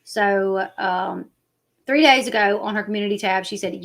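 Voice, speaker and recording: A woman's voice: mid-range voice, moderate pace, vocal fry, a bit bright. Southern woman rambling on a casual stream, country twang, mimics people she quotes. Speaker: YouTube commentary host. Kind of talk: casual livestream chat.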